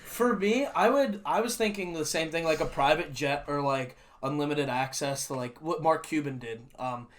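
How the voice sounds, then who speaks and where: High-voiced young man telling a story. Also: moderate pace, hardly any pauses. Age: young adult. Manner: rambling storyteller, laughs often. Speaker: podcast host. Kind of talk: casual chat.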